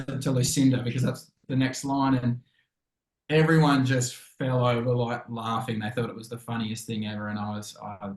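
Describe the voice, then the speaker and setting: An Australian actor telling stories casually, rambling with many fillers and acting out quoted lines. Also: male voice, mid-range voice. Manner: chatty, rambling, full of fillers and acted-out quotes. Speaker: actor and interview guest. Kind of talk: casual storytelling interview. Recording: echoey room.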